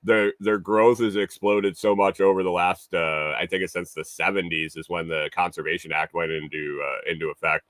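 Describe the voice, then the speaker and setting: Male livestream host, lowish voice, loose and profane, laughs a lot, dry close-mic sound. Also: steady tone, normal speed, hardly any pauses, a bit bright, no room sound. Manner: profane, laughs often, rambling with restarts. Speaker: livestream morning show host. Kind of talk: casual chat reading viewer comments.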